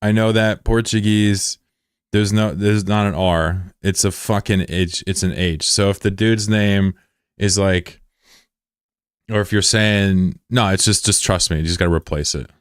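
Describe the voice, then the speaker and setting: A man's voice: lowish voice, steady tone, a little slow, clean tone, dry recording, studio quality. A young man chatting casually on a game livestream, joking and sarcastic in a rambling way. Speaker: game streamer.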